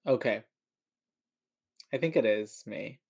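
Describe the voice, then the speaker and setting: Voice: medium pitch, takes it slowly, darkish tone, husky. A podcast co-host wrapping up an episode in a casual, teasing, joking chat. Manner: jokey, teasing.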